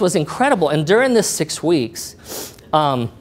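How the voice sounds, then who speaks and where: Lively middle-aged man telling his story. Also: on the high side, unhurried. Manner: animated retelling, acting out quoted dialogue. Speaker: speaker giving a personal faith testimony. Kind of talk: storytelling talk to an audience.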